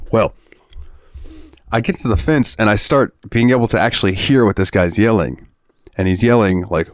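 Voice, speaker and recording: A man's voice: on the low side, no room sound, studio quality. A man co-hosting a podcast, telling a rambling story in casual chat, laughing and swearing freely. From Florida. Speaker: podcast co-host.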